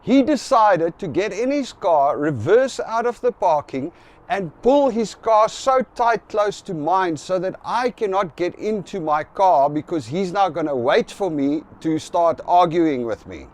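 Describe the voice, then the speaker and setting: A middle-aged man with a South African accent tells a story straight to camera in a casual, chatty way. His voice sits a little high for a man. He gets animated as he acts out both sides of an argument. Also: measured pace. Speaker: vlogger.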